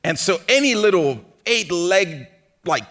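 Male pastor, sermon. High, very expressive voice, unhurried delivery, playful and animated. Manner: animated, playful, mimics panicked voices for laughs.

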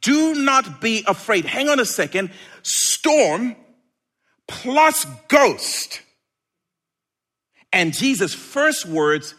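Male preacher, slow deliberate sermon, wildly swinging pitch, playful. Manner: animated, playful, with sudden shouted bursts.

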